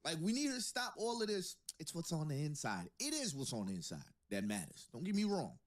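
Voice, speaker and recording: This male podcast host has a high voice with wildly swooping pitch and speaks fairly quickly. In casual banter he reacts with incredulous jokes and laughter.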